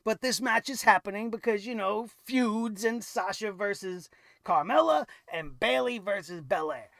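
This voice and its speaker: A wrestling show reviewer ranting sarcastically, swearing and now and then bursting into shouts. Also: mid-range voice, animated, normal speed, gravelly, no echo, studio quality.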